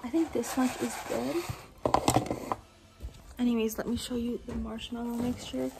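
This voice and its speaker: Young woman, fairly high voice, soft whispering chat, casual kitchen vlog at night. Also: fairly even intonation, unhurried, gravelly, heavy background noise. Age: young adult. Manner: mostly whispering, chatty. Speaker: student vlogger.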